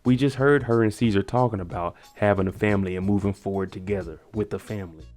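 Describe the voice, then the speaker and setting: Young male recap host, low voice, animated storyteller, faint music underneath. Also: fast talker. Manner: animated retelling, acts out characters' lines. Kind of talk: casual spoken episode recap.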